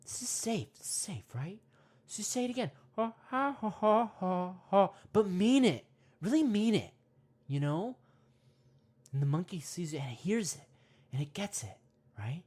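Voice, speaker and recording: A man leading a parody guided meditation, rambling with constant "you know" and "right?", sometimes dropping to hushed whispers. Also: high-pitched, very animated, normal speed, pauses often, husky. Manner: drops to hushed whispers at times.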